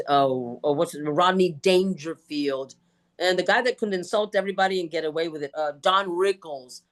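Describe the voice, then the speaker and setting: A woman speaker answering questions on a video call, with an animated storytelling delivery. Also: lowish voice. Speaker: guest speaker. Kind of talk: Q&A answers in an online meeting.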